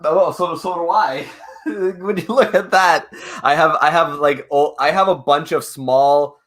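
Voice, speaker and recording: A man's voice: a little high, a little slow. Friendly Canadian man chatting on a stream. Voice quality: friendly, joking, hesitant with fillers. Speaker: guest. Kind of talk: casual chat.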